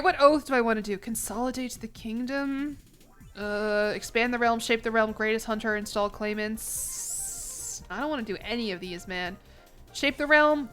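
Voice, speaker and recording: Streaming a game live, a young American woman keeps up casual, self-mocking banter full of jokes and frequent laughter. Her voice is fairly high-pitched and a bit bright.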